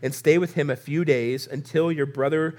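A man's voice: on the high side, steady tone, normal speed, darkish tone. Man preaching a casual sermon, stuffy nose. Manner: casual, conversational Bible teaching with asides to the audience.

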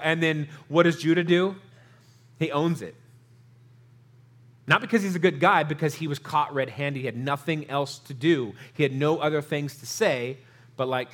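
Guy preaching, slightly high voice, acts out the story people, chats with the crowd. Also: normal speed. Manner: animated, acts out quotes in character voices; conversational, asks the audience questions. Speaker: pastor. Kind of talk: sermon.

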